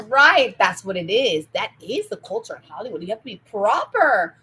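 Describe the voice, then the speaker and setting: A woman in a rambling solo monologue who jumps between topics, swears, and swings from loud outbursts to low mutters. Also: very animated, moderate pace, husky, low-quality recording.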